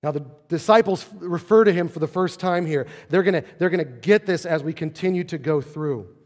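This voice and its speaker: A man preaching a sermon as pastor, talking conversationally with rhetorical questions and swinging between loud and soft. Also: on the high side, fairly quick. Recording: long hall reverb.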